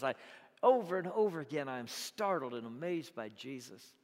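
A man preaching a sermon, moving between loud exclamations and quiet, conversational asides. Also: a little high, lively intonation, normal speed. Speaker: pastor. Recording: long reverb of a large hall.

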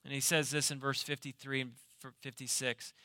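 A man's voice: medium pitch, little pitch movement, brisk, pushed and bright, no echo, clean studio sound. A man preaching a sermon as pastor, emphatic, asking rhetorical questions and repeating key phrases. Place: church.

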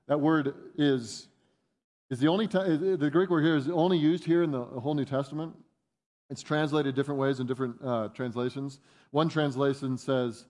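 A man preaching a sermon, animated, jumping up in pitch to voice the disciples' protests and dropping soft for reflective points. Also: normal speed. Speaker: pastor.

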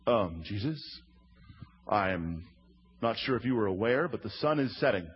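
A man voicing a group of condescending male disciples who talk down to their teacher in a slow, patronizing way. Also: on the low side, animated, lo-fi sound, slight background noise, voice pushed down. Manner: slow, patronizing, mock-dopey.

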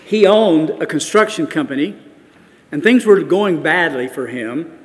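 Older man, sixties, preaching; storytelling that rises to forceful peaks, voice on the higher side, long hall reverb. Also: animated, a little slow. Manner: storytelling, builds to emphatic peaks. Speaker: pastor. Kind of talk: sermon.

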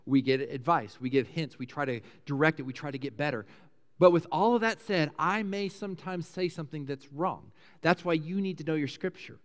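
A middle-aged pastor delivers a sermon in a conversational, animated way, climbing loud and high when he gets excited. His voice sits a little high for a man. The sound carries a long reverb from the church hall. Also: fairly quick.

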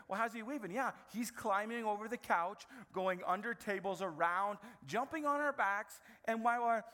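A man in his thirties preaching a sermon as a pastor, telling family stories in an animated way and acting out the scenes. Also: sits high, big-room sound.

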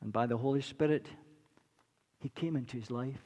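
A man in his sixties preaching a sermon, earnest and repetitive, rising from quiet to impassioned. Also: medium pitch, moderate pace. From Britain. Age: 60s. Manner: earnest, building from quiet to impassioned, repeats phrases. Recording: long reverb of a large hall.

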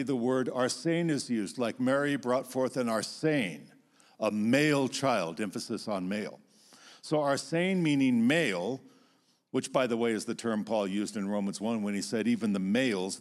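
A man giving a Bible teaching talk to a class, measured and emphatic, dropping his voice low on key points.

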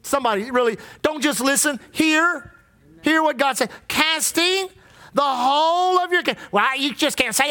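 A man's voice: very high voice, normal speed, bright, forceful tone. A man preaching a sermon as pastor, impassioned and repetitive, drawing out emphatic lines.

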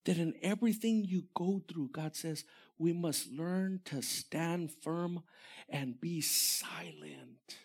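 Delivering a sermon, a pastor with a fairly high voice speaks slowly, with vocal fry and a breathy edge. His animated preaching veers from shouts down to near-whispers.

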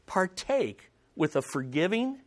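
A male pastor delivering a sermon with a high, lively voice that swings widely in pitch. He preaches with animation and pushes some phrases close to a shout. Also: slow. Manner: animated preaching, rising to near shouts for emphasis.

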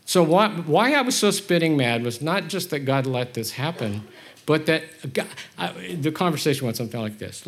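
This preacher has a fairly high voice and a moderate pace, giving a sermon that feels like conversation. He speaks candidly, makes fun of himself, and swings from quiet to animated.

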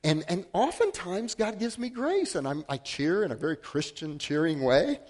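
Animated high-voiced preacher. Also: male voice, normal speed. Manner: animated, self-deprecating, swings between loud and hushed. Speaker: pastor. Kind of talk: sermon with personal storytelling.

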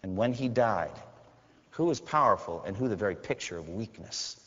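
A male pastor preaching a sermon, swinging dramatically between loud cries and hushed, quiet lines. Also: on the low side, expressive, moderate pace, slightly rough. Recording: dull sound with long hall reverb.

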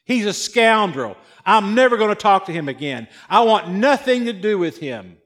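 A man's voice: high voice, very animated, normal speed, fairly bright tone, voice pushed up. A man preaching voices a resentful older brother ranting about his wayward sibling. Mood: indignant. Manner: indignant, complaining rant.

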